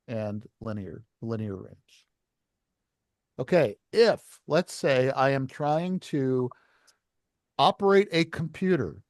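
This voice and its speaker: A man's voice: medium pitch, no room sound, clean studio sound. A man teaching a licensing class, explaining step by step at a whiteboard and asking the students questions.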